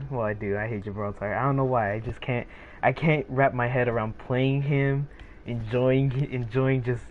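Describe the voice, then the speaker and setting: Laid-back young man rambling, tinny sound. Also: mid-range voice. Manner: rambling, laid-back, many fillers and restarts. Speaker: gaming streamer. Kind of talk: casual rambling chat with viewers. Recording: tinny phone-like sound with faint noise.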